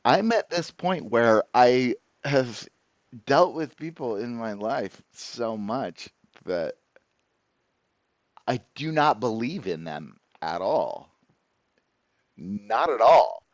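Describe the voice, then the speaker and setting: A man's voice: mid-range voice, lively intonation, slow, pauses often, no echo, lo-fi sound. A man ranting to the camera as host of his own channel, profane, sarcastic and exasperated.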